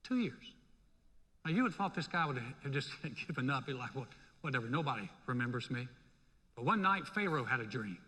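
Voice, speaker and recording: A male pastor preaching a sermon in a church, in a lively, conversational way. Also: medium pitch, a little fast, breathy edge. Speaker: senior pastor. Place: church sanctuary. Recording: long reverb in a hall.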